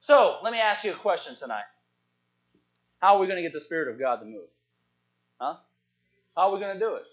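A man preaching a sermon in a church, calling out to the congregation and swinging from hushed asides to shouts. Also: high voice, very animated, fairly quick, long pauses. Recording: dull lo-fi sound.

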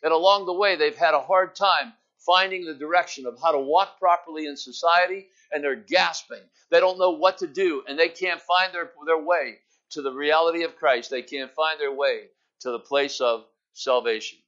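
A man preaching a sermon as pastor, building to emphatic, drawn-out phrases and then dropping lower and quieter. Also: muffled recording. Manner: preaching with rising, emphatic intensity and slow stressed phrases.

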